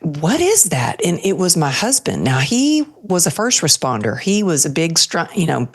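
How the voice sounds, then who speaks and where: A woman's voice: on the low side, huge pitch swings, normal speed, husky. A woman guest on an interview show, earnestly telling a personal story and acting out her own thoughts as she goes.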